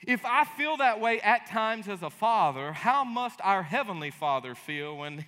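A middle-aged man preaching with a bright, forceful, slightly high voice. He acts out little scenes of dialogue and jumps into loud bursts. His voice rings with a long reverb through a church hall. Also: expressive, moderate pace, few pauses. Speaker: pastor. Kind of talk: sermon. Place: church sanctuary.

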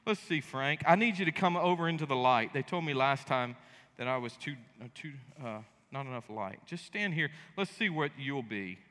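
Male pastor, sermon, bright forceful voice, long echo of a church hall. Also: medium pitch, moderate pace. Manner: animated, joking storytelling. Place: church sanctuary.

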